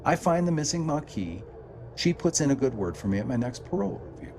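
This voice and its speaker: Guy voicing a cocky ex-con pilot from a game cutscene, wry laid-back drawl, bouncy pitch. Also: very animated, a little fast. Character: cocky male ex-convict starship pilot.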